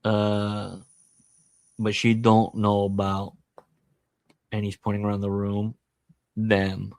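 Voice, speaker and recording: Hosting a casual book-discussion podcast, a man with a fairly low, gravelly voice retells the plot animatedly and tosses in jokey, self-deprecating asides. He speaks slowly, and the recording is close and dry with no echo.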